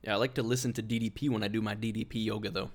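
Man co-host, quick joking patter, ribs his friends. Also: lowish voice, level tone. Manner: joking, teasing. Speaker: podcast co-host. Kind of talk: casual chat.

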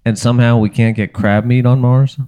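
A man talking as a podcast guest, answering in a hesitant, earnest, deadpan way with plenty of restarts. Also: medium pitch, a little fast, clear, resonant tone. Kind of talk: casual chat.

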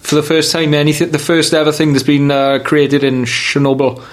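A man's voice: a little high, fairly even intonation, moderate pace. A man co-hosting a casual podcast chat, teasing and jokey. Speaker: podcast co-host.

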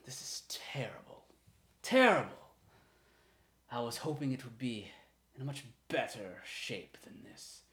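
A man's voice: medium pitch, normal speed, close to an everyday voice. A man voicing a cruel, fussy old male lord who collects treasures, heard in a roomy space. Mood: displeased. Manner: fussy and cold. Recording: roomy echo.

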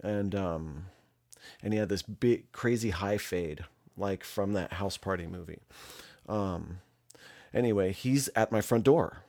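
Podcast host, male, low voice, dry close sound, rambling and profane story teller. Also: a little slow, a little mellow, dry recording. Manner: profane, rambling, full of asides. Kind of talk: casual storytelling.

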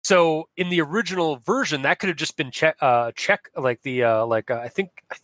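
A man chatting on a podcast with a bright, forceful voice that sits a little high for a man. He rambles, restarts his sentences and laughs often. The sound is close and dry. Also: fairly quick, no room sound. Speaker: podcast co-host. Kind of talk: casual chat.

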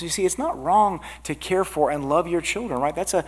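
A man's voice: fairly high pitch, fairly quick. A middle-aged man preaching a sermon as a pastor, earnest and building up as he reads out scripture. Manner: earnest preaching, lively rises on quoted scripture.

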